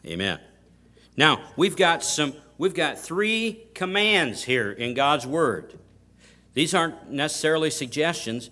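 A man's voice: on the high side, big pitch swings, slow pace. A man preaching a sermon in a folksy, emphatic way, often restarting his sentences and punching key words. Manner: folksy, emphatic, rising to loud stresses.

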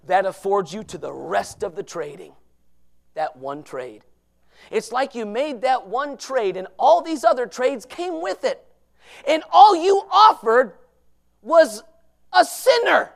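A man preaches a fervent sermon, swinging between loud shouting and hushed pleading while quoting scripture in old-fashioned language. His voice is very high, expressive, and slow, with vocal fry.

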